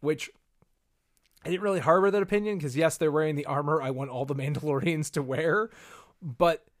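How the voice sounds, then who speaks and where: A man's voice: on the high side, brisk, no room sound, clean studio sound. A man co-hosting a podcast in casual chat, thinking aloud with plenty of fillers. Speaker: podcast co-host.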